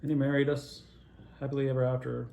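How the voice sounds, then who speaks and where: A man's voice: medium pitch, level tone, quick pace, gravelly, dark tone, reverberant. A man telling loose, digressive personal stories, swearing and laughing at himself as he goes. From Altoona area, Pennsylvania. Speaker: storyteller. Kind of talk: rambling personal storytelling.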